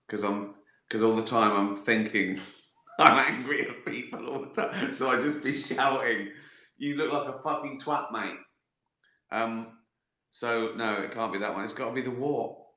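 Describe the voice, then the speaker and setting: Middle-aged man, West Country accent, bright voice, rambling and profane comedic storytelling, echoey room. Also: lowish voice, steady tone, a little slow. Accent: West Country English. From West Country, England. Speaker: host answering viewer questions. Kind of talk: casual livestream chat.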